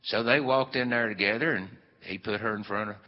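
A man's voice: on the low side, a little fast. Older man, rambling storyteller, long hall reverb, dull lo-fi. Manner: rambling, folksy, with many fillers. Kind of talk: folksy spoken storytelling.

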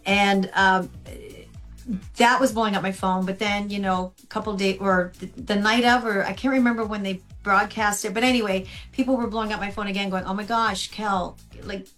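A woman tribute performer answering interview questions over a remote call, earnest and halting, with many restarts. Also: medium pitch, steady tone, fairly bright tone, faint music behind.

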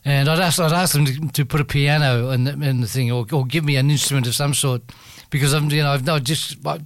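A man's voice: a little high, steady tone, fairly quick, dry recording. A man telling a rambling anecdote as a radio guest, full of restarts and frequent laughter. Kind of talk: anecdotal storytelling.

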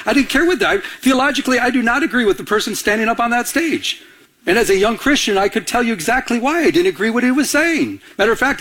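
A man preaching a sermon, telling stories with lively energy and frequent restarts, acting out the dialogue. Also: very high voice. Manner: animated storytelling, acting out dialogue with many restarts. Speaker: pastor.

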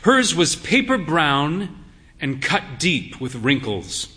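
A man reading a literary story aloud in the first person, weary, wry and unhurried. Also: a little high, big pitch swings, bright, forceful tone, long reverb tail. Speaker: narrator, pub landlord.

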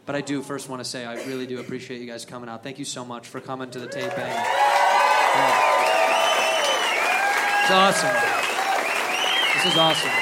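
A man doing a stand-up comedy set, telling an animated story that builds to shouted punchlines. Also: mid-range voice, very noisy. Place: comedy venue stage. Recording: live club set, crowd laughter. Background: audience laughing.

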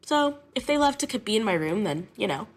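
A woman's voice: medium pitch, very animated, a little fast. A woman music teacher talking in an interview, chatty and openly emotional.

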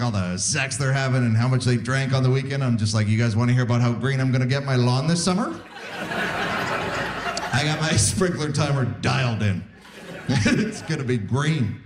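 A man in his forties from Canada doing a stand-up set, animated, jumping into high squeaky voices for his bits. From Saskatoon, Canada. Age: 40s. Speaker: stand-up comedian. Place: live comedy venue with audience. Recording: live set with audible crowd noise.

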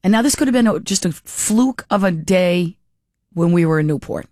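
Chatty and amused, a middle-aged woman rambles through a casual story, frequently stopping to restart or correct herself. Her warm, fairly low voice is animated and moderately paced, captured in a clean studio recording with no room sound.

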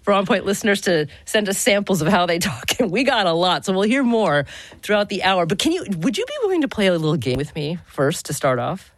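A woman hosting a public radio talk show, speaking in a measured, articulate way with light laughter. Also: mid-range voice, very animated, dry recording.

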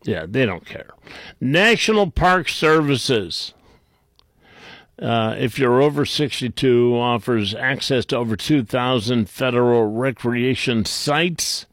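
A man hosting a call-in radio talk show, reading items aloud and mocking them in a blunt, gruff, rambling way. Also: medium pitch, lively intonation, slow, a bit bright, no room sound, studio quality.

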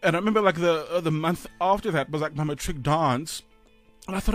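A high-voiced South African man in his thirties talks on breakfast radio in a halting way, sighing often and close to tears. Soft music sits faintly beneath him. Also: lively intonation. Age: 30s. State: choked up. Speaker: radio co-host. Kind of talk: emotional radio chat.

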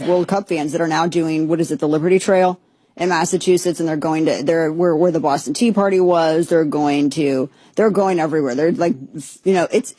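A woman's voice: sits low, dark tone, husky, no echo. A woman hosting a podcast, giving chatty, sarcastic, rambling commentary. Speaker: podcast host. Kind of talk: opinionated casual commentary.

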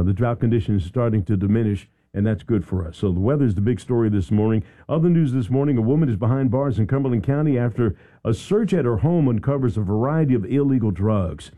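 A man's voice: mid-range voice, warm tone. A man hosting morning talk radio in a studio, chatty and joking about himself. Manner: jokey, chatty, self-deprecating. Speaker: radio talk show host.

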